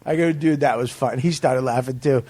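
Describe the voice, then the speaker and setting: A man, a comedian guest, telling profane, animated stories in a casual podcast chat. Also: medium pitch, normal speed, no echo.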